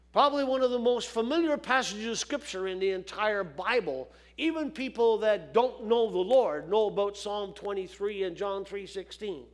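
A man preaching a sermon, folksy and repeating phrases for emphasis. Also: high-pitched.

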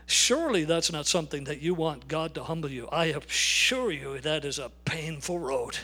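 Older guy preaching, pretty high voice, leans hard on the big words and slows down for them. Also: lively intonation, sharp tone. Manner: emphatic, slows and stresses key words. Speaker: pastor. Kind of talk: sermon.

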